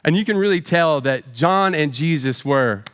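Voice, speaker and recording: A man in his forties, a pastor preaching a storytelling sermon with self-deprecating humor and animated voices for quotes. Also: on the high side, moderate pace, clean tone, long reverb tail. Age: 40s.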